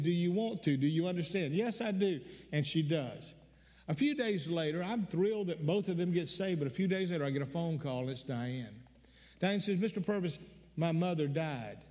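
A man preaching a sermon, telling a personal story earnestly and slowing down on the emotional moments. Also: a little high, a little mellow, big-room sound.

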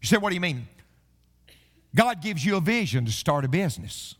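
A man's voice: fairly high pitch, very animated, brisk, fairly bright tone, in a large hall. A male pastor preaching a sermon, telling stories and building to repeated refrains.

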